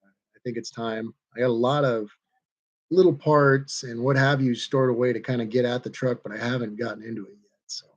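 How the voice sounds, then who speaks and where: A man hosting a casual livestream, reading viewer comments aloud in a relaxed, chatty way. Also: medium pitch, brisk, lo-fi sound. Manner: laid-back, reads viewer comments aloud and chuckles between them. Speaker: livestream host reading chat. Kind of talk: casual chat.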